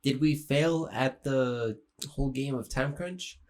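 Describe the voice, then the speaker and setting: A woman's voice: a bass voice, takes it slowly, a little mellow. A woman co-hosting a podcast over drinks, teasing and blunt in casual chat. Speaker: podcast co-host.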